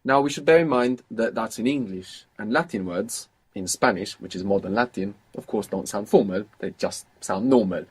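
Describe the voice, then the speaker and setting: Husky man teaching patiently. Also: fairly low pitch, moderate pace, few pauses, a little mellow. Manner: patient, prompting, explanatory. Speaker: language teacher. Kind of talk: guided language lesson.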